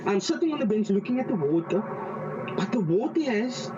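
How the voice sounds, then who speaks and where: A man with a high yet mellow voice tells a personal testimony of faith, slowing down for the vivid details and stumbling over repeated words as he goes. He sounds a little distant from the mic, and the audio is dull and lo-fi. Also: sing-song. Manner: halting, with frequent repeated words and restarts; slow and vivid when describing a dream. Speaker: interviewee giving a faith testimony.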